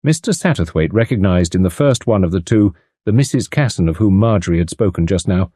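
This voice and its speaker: Male narrator, expressive scripted reading, low and dry. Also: brisk, slightly rough, no echo. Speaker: audiobook narrator. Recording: dry close studio sound.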